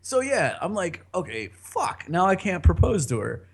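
A man's voice: high-pitched, big pitch swings, moderate pace, creaky, breathy edge. A man casually telling a long personal story on a podcast, rambling, laughing often and swearing freely.

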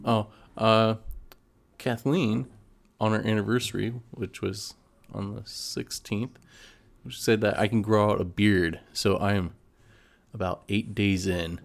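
Laid-back podcast guy, gravelly low voice, lots of uhs and little chuckles. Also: fairly even intonation, measured pace. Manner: easygoing, hesitant with fillers, chuckles. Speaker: podcast co-host. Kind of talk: casual chat.

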